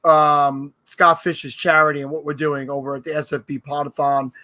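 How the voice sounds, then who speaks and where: New york guy guesting on a podcast, kinda high voice, ribbing everybody, chatty. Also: little pitch movement, normal speed, sharp tone. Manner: joking, teasing, self-promoting. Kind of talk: casual podcast chat.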